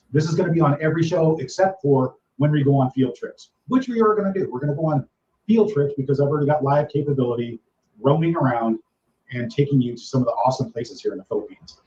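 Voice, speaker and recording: A man's voice: on the high side, darkish tone, reverberant, muffled recording. A man hosting a live stream from the Philippines, rambling casually and greeting his viewers one by one. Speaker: livestream host. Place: home in the Philippines.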